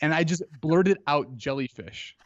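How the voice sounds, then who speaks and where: A man in his thirties, a podcast guest telling a personal story in a casual, animated way, full of "like" and acted-out quotes. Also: medium pitch, normal speed, dull audio.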